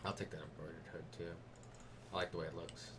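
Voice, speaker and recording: A man's voice: deep voice, flat delivery, fast, very noisy. A man giving casual, crude and playful commentary while he plays a video game. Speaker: gaming streamer.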